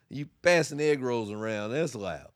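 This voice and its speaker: A young man hosting a podcast from his basement, giving a candid, profane monologue that swings between quiet, low stretches and loud bursts. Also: no echo, studio quality. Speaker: podcast host. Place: home basement studio.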